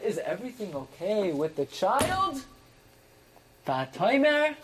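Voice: mid-range voice, animated, measured pace, a little hiss or hum, rough recording. A teacher leading a verse-by-verse text study class, translating each phrase and then exclaiming over it.

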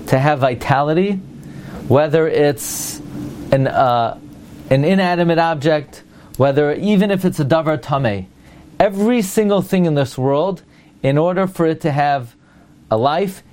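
A man's voice: fairly high pitch, darkish tone. Man giving a questioning Torah class. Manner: asks rhetorical questions, pauses to search for words. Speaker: Torah teacher.

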